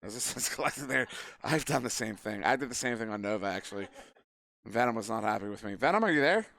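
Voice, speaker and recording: Here a male esports caster delivers live play-by-play at an event venue in a fairly low, gravelly voice that's fast, animated and fairly bright, with no echo. He's chatty, tossing jokes to those around him between calls.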